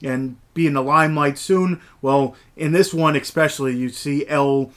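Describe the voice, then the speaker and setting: A man's voice: on the high side, steady tone, normal speed. A man giving a casual, rambling movie review, full of fillers and enthusiasm. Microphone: camera mic, movies shelved behind.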